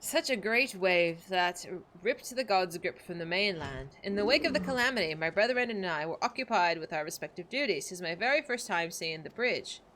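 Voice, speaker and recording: A woman's voice: lowish voice, expressive, normal speed, few pauses, a bit bright, a little hiss or hum. Earnest young scholar, read by a woman. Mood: reflective. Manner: reads stiff archaic game dialogue aloud.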